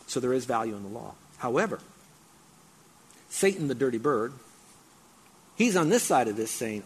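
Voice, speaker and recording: Husky-voiced male preacher. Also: medium pitch, big pitch swings, normal speed, long pauses. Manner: emphatic preaching, mocking asides in a raised voice. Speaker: pastor. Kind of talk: sermon.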